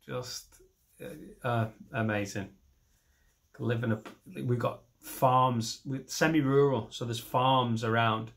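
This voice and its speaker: A man's voice: mid-range voice, steady tone, takes it slowly, gravelly, fairly bright tone. A middle-aged man from doing a rambling, self-deprecating stand-up set. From northern England. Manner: self-deprecating, rambling, mixes in silly voices. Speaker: stand-up comedian.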